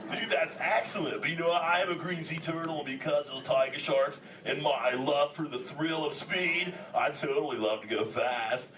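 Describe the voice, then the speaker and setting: Playing a mellow, goofy surfer-dude sea turtle, this actor banters with a theme park theater crowd in a high voice at normal speed, hardly pausing and acting only lightly. He leans on surfer slang and "dude" nonstop. The recording is echoey and far off, captured from among the noisy audience.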